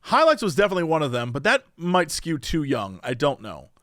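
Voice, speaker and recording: Man, podcast co-host, high animated delivery, rambling chatty, dry close mic. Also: a little fast, no room sound. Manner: rambling, animated, full of restarts and fillers. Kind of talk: casual chat.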